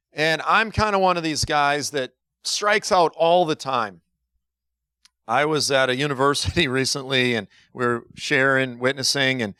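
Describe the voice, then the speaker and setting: A man's voice: a little high, dry recording, clean studio sound. A middle-aged man preaching a conversational sermon, telling stories with acted-out dialogue and laughing at himself. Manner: animated storytelling, acts out dialogue, laughs at himself.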